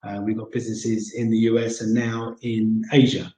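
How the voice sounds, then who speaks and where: A man's voice: on the low side, flat delivery, moderate pace, dark tone, reverberant, low-quality recording. A man with a British accent hosting a casual chat segment, rambling with many ums and uhs. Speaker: segment host.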